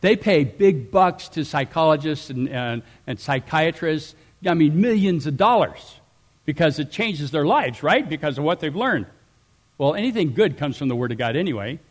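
A middle-aged man preaching a sermon, animated, swinging between loud emphatic rises and quiet asides. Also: a little high, moderate pace. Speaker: pastor.

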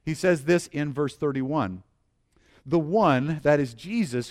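A middle-aged male pastor preaching a sermon in an earnest way, dropping to hushed low phrases and rising to loud calls for the congregation to repeat after him. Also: measured pace.

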